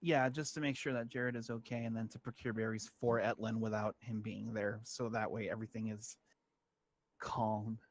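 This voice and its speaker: A man's voice: fairly low pitch, little pitch movement, moderate pace. A man playing a tabletop game in an easygoing, stumbling way, speaking his character's lines in his own voice. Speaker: player.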